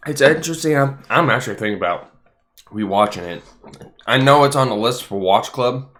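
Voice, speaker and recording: A man hosting a casual livestream chat, excitable and swearing freely, laughing often. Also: mid-range voice, a little fast. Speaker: stream host.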